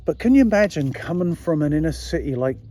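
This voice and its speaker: A man's voice: fairly high pitch, expressive, fast, dark tone. A middle-aged man from England giving a blunt, sweary, indignant monologue, full of rhetorical questions to his viewers. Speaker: political commentary vlogger. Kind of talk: casual ranting monologue.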